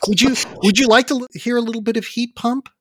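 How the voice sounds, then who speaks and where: A man's voice: very high-pitched, steady tone, fast, fairly bright tone, husky. A middle-aged man hosting a casual music podcast, playful and jokey. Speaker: podcast host.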